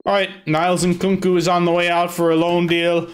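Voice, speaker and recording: A young man giving loose live commentary on his own football video game, swearing and shouting at his players. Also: high-pitched, completely flat delivery, brisk, smooth. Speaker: gaming video creator.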